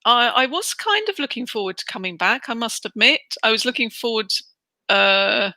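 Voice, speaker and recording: A middle-aged woman from the United Kingdom talks in a chatty, animated way as an interview guest. Her voice is bright and lively. The sound is dry and close, with little room in it. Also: on the high side, moderate pace, no room sound. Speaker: interview guest, relocation trainer. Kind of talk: casual interview chat.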